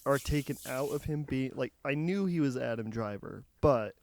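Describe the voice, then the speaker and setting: A man with a gravelly, fry-laden voice chats about films on a casual podcast. He rambles, stops and restarts his sentences as he goes. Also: medium pitch, expressive, noisy background. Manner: rambling, halting, many restarts. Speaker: podcast co-host. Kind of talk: casual movie review chat.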